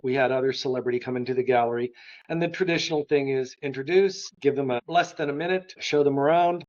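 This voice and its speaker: A man from Florida tells stories as a podcast guest, lively and conversational. His voice sits at an ordinary middle pitch. The recording sounds a little dull and lo-fi. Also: quick pace. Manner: lively storyteller. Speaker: guest, art historian. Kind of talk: conversational anecdotes.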